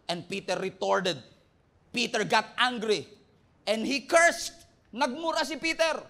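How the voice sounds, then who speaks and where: Filipino-accented man, pastor, dramatic sermon, fairly high voice, code-switching between English and Tagalog. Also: unhurried, creaky. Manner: dramatic, swings from loud excited storytelling to hushed reflection; mixes English and Tagalog mid-sentence.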